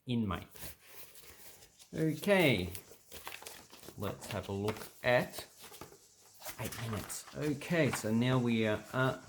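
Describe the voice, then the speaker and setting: An Australian man casually explaining words from a dictionary, thinking aloud with many pauses and restarts. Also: medium pitch, lively intonation, a little hiss or hum. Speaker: language vlogger.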